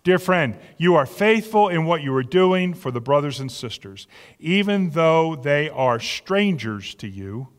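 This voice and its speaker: A man's voice: on the high side, animated, unhurried. A man preaching a sermon as pastor, earnest and conversational, often repeating words as he goes. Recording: long reverb of a large hall.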